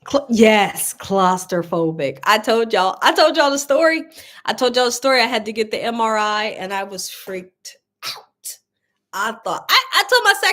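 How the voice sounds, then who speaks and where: A woman hosting a cooking livestream, telling a story to her viewers in a lively, animated way and laughing often. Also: on the high side, moderate pace. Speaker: cooking channel host on a livestream. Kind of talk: casual livestream chat with viewers.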